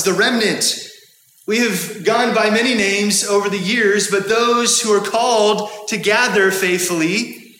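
High bright-voiced pastor preaching in echoey church. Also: male voice. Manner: earnest, measured preaching with repeated emphatic phrases. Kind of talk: sermon. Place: church sanctuary. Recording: echoey church hall with long reverb.

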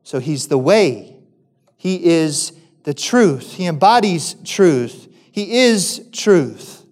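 A pastor giving a sermon, preaching emphatically and asking his listeners rhetorical questions, now loud, now quiet. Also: a little high, expressive, slow pace.

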